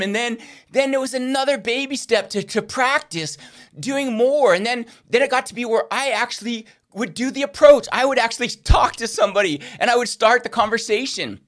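Male preacher, middle-aged, high-pitched, animated storyteller. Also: normal speed. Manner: animated, acts out quoted voices. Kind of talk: sermon storytelling.

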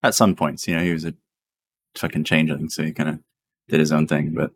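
A man running a tabletop game as game master, talking slowly and casually and swearing now and then. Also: rumbling low, a little hiss or hum. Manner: slow, relaxed, swears casually.

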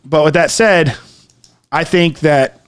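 A man's voice: on the high side, slow pace, clean tone. A young man co-hosting a podcast in casual chat, rambling with lots of fillers and swearing. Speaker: podcast co-host.

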